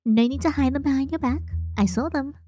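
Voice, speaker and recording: A woman's voice: sits high, fairly quick, warm tone, soft background music, lightly acted. A woman doing a stubborn, bold young girl. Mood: firm. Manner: firm, insistent. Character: stubborn, confident young girl, loyal friend.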